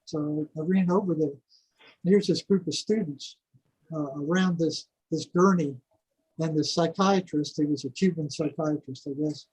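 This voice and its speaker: A husky older man with a slightly high voice, spinning stories as a podcast guest. He talks casually and with energy, doubling up words as he goes and breaking into small chuckles. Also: normal speed, rough recording. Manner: animated storyteller who repeats words and chuckles. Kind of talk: casual storytelling.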